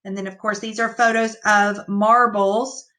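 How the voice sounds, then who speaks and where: A woman teacher giving an online reading lesson to young children, reading sentences aloud slowly and patiently. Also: medium pitch, level tone, pushed and bright. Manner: slow, clear, patient read-aloud.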